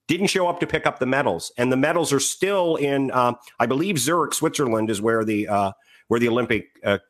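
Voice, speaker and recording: A man's voice: mid-range voice, fairly quick. A man co-hosting a sports podcast, talking casually and rambling through trivia with many fillers. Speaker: podcast co-host.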